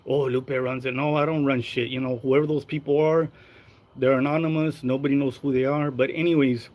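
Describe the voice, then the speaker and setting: A man's voice: mid-range voice, fairly even intonation, brisk, a little mellow, poor audio. Man, casual gossip livestream, crude, rambling, mixes in Spanish slang. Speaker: live-stream host.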